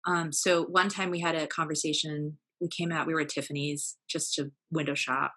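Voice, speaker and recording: Earnest woman with a bright, low-set voice. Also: flat delivery, normal speed. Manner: earnest, many fillers and self-corrections. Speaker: podcast guest. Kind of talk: candid personal storytelling.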